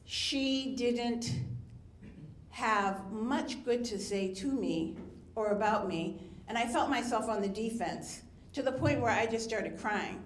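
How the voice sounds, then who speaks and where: A woman's voice: on the high side, takes it slowly, roomy sound, a little hiss or hum. Woman telling a candid personal story. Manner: candid, confessional.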